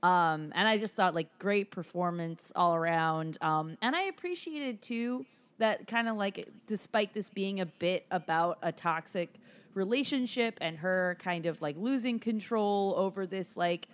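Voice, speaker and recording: A woman with a somewhat low voice talks through a film in a loose, casual chat. She leans on fillers and restarts as she goes. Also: animated, measured pace, clean tone. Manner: chatty, heavy use of filler words. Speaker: podcast co-host.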